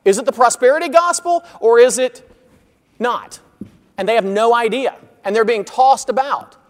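A man preaching an expository sermon as pastor, earnest, growing loud when reading scripture and quiet on asides. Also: extremely high pitch, normal speed, in a large hall.

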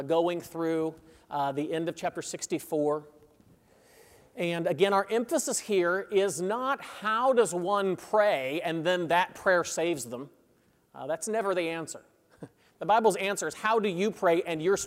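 Male pastor, high voice, conversational sermon with tag questions, long hall reverb. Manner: conversational, checks in with "right?"; chuckles between phrases, grows intense.

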